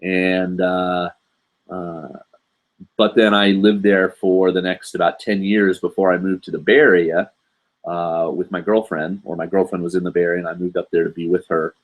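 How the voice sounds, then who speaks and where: Low-voiced man chatting casually on a live stream. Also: little pitch movement, moderate pace. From United States. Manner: rambling, lots of fillers and asides. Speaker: live show host.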